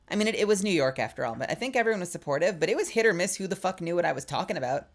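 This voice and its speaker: A woman in her thirties, a streamer chatting casually with viewers, outspoken and swearing freely, with lots of "like" fillers and an animated delivery. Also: on the low side. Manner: animated, swings between quick bursts and drawn-out phrases. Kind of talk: casual live-stream chat, answering viewers.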